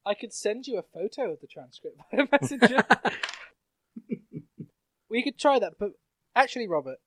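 A man's voice: sits high, big pitch swings, moderate pace, a bit bright, a little hiss or hum. A young man hosting a podcast in casual chat, joking and laughing often. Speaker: podcast host.

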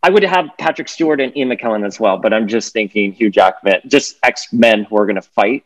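Animated male podcast co-host. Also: on the low side, low-quality recording. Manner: animated, quick and talkative with frequent restarts. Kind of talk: casual chat.

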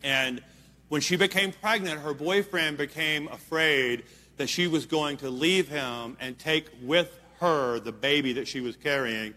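A man's voice: fairly high pitch, unhurried, sharp tone, a little hiss or hum. A man preaching a sermon, telling a story in an earnest, emphatic way and checking in with his listeners. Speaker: pastor. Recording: long hall reverb.

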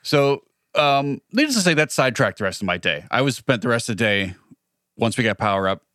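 A man's voice: medium pitch, very animated, brisk, fairly bright tone, dry recording. A man co-hosting a podcast in casual chat, a dry storyteller who throws in quips and mock voices. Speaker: podcast co-host.

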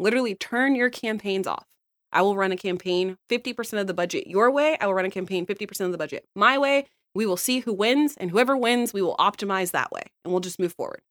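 A woman in her thirties from the United States, a podcast guest telling a work story in casual chat, blunt and lively, laughing often. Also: mid-range voice, no echo, clean studio sound. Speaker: podcast guest, account manager.

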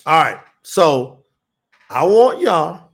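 Guy on a livestream teaching scripture, high voice that jumps all over, really emphatic. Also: big pitch swings, drawn-out words, vocal fry. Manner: emphatic, insistent, laughs often. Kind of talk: livestream teaching, reading viewer comments.

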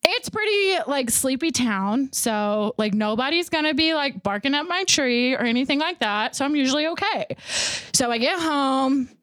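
A woman's voice: high-pitched, expressive, moderate pace, a bit bright, no room sound, studio quality. A woman co-hosting a podcast, chatting casually with lots of laughter and casual swearing. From Texas. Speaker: podcast co-host. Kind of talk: casual chat.

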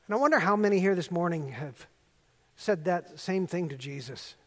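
High-voiced male pastor in echoing hall. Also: animated, normal speed. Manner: earnest storytelling preacher, repetitive emphatic phrasing. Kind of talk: sermon. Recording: long reverb of a large hall.

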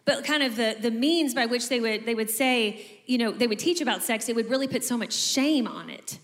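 A woman's voice: fairly high pitch, fairly quick, a bit bright, in a large hall. A woman in her forties, co-hosting a casual conversation in a chatty way full of "like" and "you know". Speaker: co-host.

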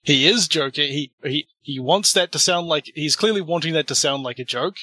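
A man playing a tabletop role-playing game, telling his character's story in character with many restarts and halting fillers. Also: a little high, pushed and bright, no room sound.

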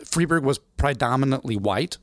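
A man in his forties from the American Midwest, telling stories in an interview, animated and acting out voices in the quotes. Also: medium pitch, moderate pace. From Illinois, USA. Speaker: guest. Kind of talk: storytelling interview.

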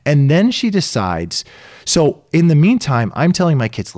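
A middle-aged man tells a story in easy conversation. His pitch rises and falls widely as he acts out the voices of the people in the story. The recording is close and dry. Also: huge pitch swings, measured pace, darkish tone, no room sound. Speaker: podcast co-host telling a story. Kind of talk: casual chat.

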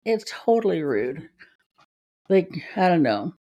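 A woman's voice: lowish voice, big pitch swings, takes it slowly, warm tone. A woman co-hosting a podcast, chatting casually, laughing easily and reading stories aloud. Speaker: podcast co-host. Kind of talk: casual chat and story reading.

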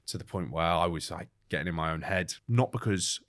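Young man, low voice, quick talk, dry close sound, lively storytelling. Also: no echo. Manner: animated, swearing, laughs while telling. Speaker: guest, record-setting ocean rower. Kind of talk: casual storytelling interview.

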